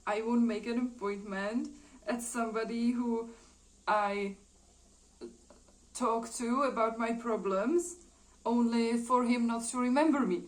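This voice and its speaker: A woman's voice: on the high side, fairly even intonation, unhurried, pauses often, natural voice, low-quality recording. A woman voicing a young comic heroine who is fed up with her jealous partner and speaks indignantly.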